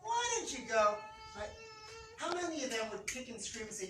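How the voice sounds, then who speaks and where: A man teaching a Torah class in a lively way, asking the audience questions and acting out scenes. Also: very high-pitched, moderate pace. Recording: echoey room, distant mic, background noise.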